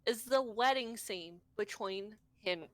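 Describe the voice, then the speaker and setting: A woman co-hosting a casual podcast, retelling film scenes in an animated way and swearing freely as she goes. Her voice sits at an ordinary middle pitch. It sounds dry and close, with no room echo. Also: slow. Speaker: podcast co-host.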